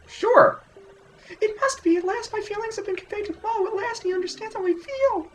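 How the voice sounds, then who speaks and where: A man voicing a giddy, lovestruck young woman in a shrill, squeaky falsetto, gushing breathlessly. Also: fairly bright tone, a little hiss or hum, heavily acted. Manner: breathless, swooning overreaction.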